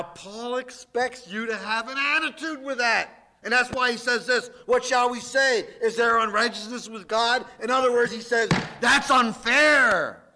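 A male pastor preaching a sermon, reading scripture and stressing points with sudden swings from loud to quiet. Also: high voice. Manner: emphatic, slow preaching with dramatic swings in loudness.

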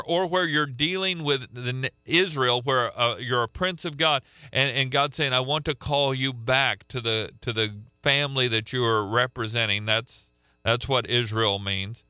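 A man teaching a radio sermon, emphatic, repeating key phrases and slowing down to stress words. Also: medium pitch, sharp tone, clear, resonant tone, no room sound.

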